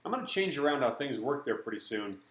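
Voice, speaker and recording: A mid-pitched man hosting a casual livestream, chatty and upbeat as he reads out viewer messages and thanks donors. His voice bounces around an echoey room. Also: big pitch swings, quick pace, fairly bright tone. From Dallas, Texas. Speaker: livestream host. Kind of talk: casual live-stream chat.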